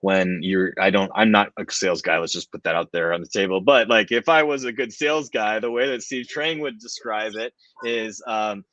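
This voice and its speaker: A man's voice: fairly low pitch, normal speed, few pauses, fairly bright tone, no echo, lo-fi sound. A man hosting a casual business interview, chatty, often repeating himself and restarting sentences. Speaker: podcast host.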